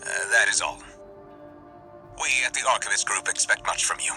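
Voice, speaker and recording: A man's voice: lowish voice, normal speed, pushed and bright, soft background music. An actor playing a courteous male corporate mercenary liaison in a video game, speaking in a polished, formal and genial way.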